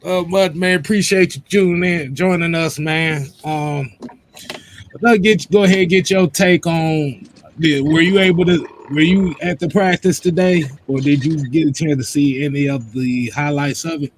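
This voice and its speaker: Slightly high man asking halting questions. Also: fairly even intonation, a little hiss or hum. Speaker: podcast host. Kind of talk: interviewing a guest.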